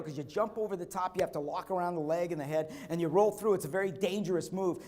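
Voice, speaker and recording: Animated, high-voiced man giving a speech. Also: fast, few pauses. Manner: animated storytelling, repeating key phrases; acts out quotes, bursting into shouts. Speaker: keynote speaker. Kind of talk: motivational conference speech with personal stories. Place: conference stage.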